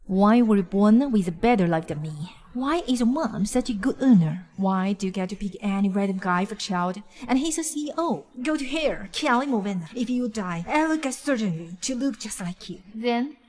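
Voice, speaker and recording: A woman's voice: medium pitch, animated, moderate pace, darkish tone, close to an everyday voice. A woman playing a jealous, scheming young heiress in a dubbed drama, with a spiteful, grasping manner.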